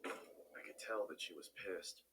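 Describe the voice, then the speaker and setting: A man narrating a first-person horror story in a calm, measured way. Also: deep voice, noisy background.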